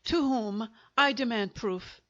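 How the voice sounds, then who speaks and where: A woman's voice: on the high side, slow, fairly bright tone. A woman voicing a fat, indignant middle-aged man demanding a duel, on a dull lo-fi recording.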